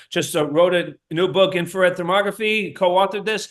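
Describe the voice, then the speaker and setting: Emphatic storytelling man, slightly high. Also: a little fast, hardly any pauses, fairly bright tone. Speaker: chiropractor, podcast guest. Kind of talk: casual podcast interview.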